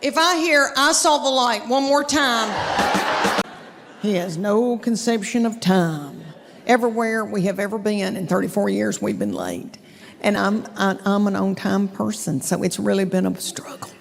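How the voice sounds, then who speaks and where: A woman's voice: mid-range voice, lively intonation, normal speed, gravelly, big-room sound, background noise. A woman in her fifties with a Southern American accent, performing stand-up comedy and talking straight to the audience in a chatty drawl. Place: theater stage before a live audience.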